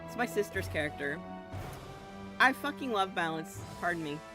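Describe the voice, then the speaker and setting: This streamer's voice sits fairly low and is expressive, moving at a moderate pace over music. Playing a video game, she rambles casually, giggles a lot, and jumps from topic to topic, sometimes mumbling "yum" and "nom" between bites.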